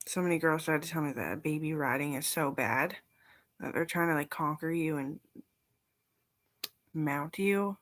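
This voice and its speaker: A young woman talking in a rambling casual monologue, meandering and swearing, and now and then dropping into a soft whisper. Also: low voice, normal speed, pauses often, no echo. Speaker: vlogger.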